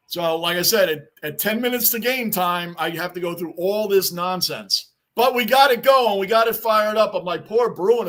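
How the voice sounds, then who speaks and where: A man hosting a live sports reaction stream, excitable and rambling, greeting chat viewers by name as he chats. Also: high voice. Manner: rambling, chatty and repetitive. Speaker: livestream host.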